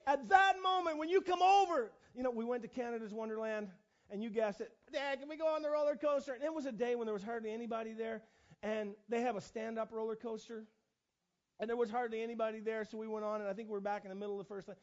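A middle-aged man preaching a storytelling sermon, animated and self-mocking, with many restarts and fillers. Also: very high voice, fast. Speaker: pastor. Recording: dull lo-fi recording.

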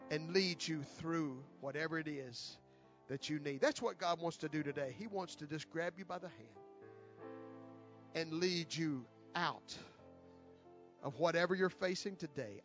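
A man preaching an altar call sermon, repeating pleading invitations, swelling loud and then dropping soft. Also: on the high side, dull audio. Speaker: guest preacher.

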